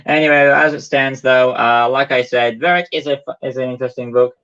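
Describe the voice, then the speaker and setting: A man's voice: medium pitch, fairly even intonation, a little fast, fairly bright tone, clean tone. A young man chatting casually as a co-host ranking books, rambling and hesitant with many fillers. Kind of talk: casual livestream chat. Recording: dull lo-fi audio.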